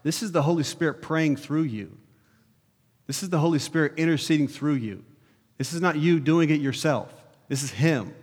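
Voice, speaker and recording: A man's voice: fairly high pitch, a little fast, breathy edge. Earnest male preacher in a reverberant hall. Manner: earnest, rising to urgent questions, dropping soft for prayer. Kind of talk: sermon. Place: church sanctuary.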